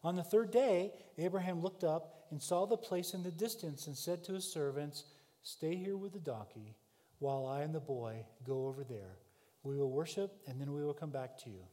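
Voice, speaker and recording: A man preaching a sermon with a slightly raised pitch. He tells the story dramatically, swinging between loud passages and hushed ones. His voice carries a long reverb from a large hall. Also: moderate pace. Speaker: pastor.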